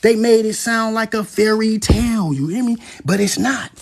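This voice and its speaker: A man gives animated, profane commentary, breaking into loud, dramatic scripture readings. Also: high voice, normal speed, creaky, noisy background.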